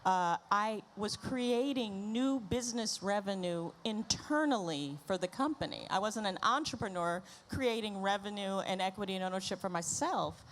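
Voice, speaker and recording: A woman's voice: medium pitch, animated, moderate pace, hardly any pauses, a little hiss or hum. A middle-aged woman speaking as a panelist on a conference stage, playful and wry. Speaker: panelist, agency founder. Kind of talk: panel discussion.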